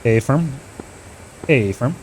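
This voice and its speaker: A man's voice: mid-range voice, animated, takes it slowly, background noise. A man streaming a flight simulator, trading loose, profane banter with his chat and making short radio calls to teammates.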